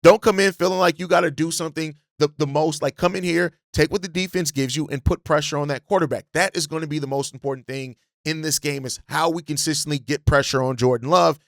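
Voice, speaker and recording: A man's voice: fairly high pitch, fairly even intonation, quick pace, creaky, few pauses, no room sound, clean studio sound. A male sports podcast host giving passionate, profane fan commentary, often repeating words as he gets worked up.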